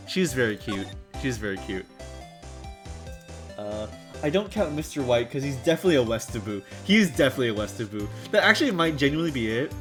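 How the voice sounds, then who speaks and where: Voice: mid-range voice, big pitch swings, fast talker, over music. A streamer chatting casually between lines of a story game, with self-deprecating asides.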